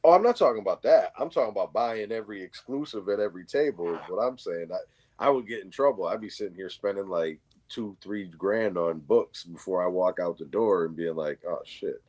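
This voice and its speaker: A man's voice: deep voice, lively intonation, brisk, a little mellow. A man in casual chat, telling a story with slang and swearing. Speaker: livestream co-host.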